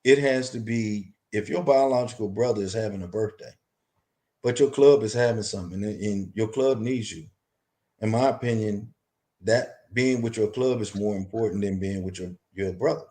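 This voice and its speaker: Older club guy on a biker show, talks slow and careful, keeps restarting his sentences. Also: fairly low pitch, a little mellow. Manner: measured, halting, many restarts. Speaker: guest, longtime club member. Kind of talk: casual interview talk.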